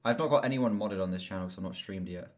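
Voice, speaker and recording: A young man chatting casually on a live stream about movies, excitable and swearing freely. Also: deep voice, quick pace.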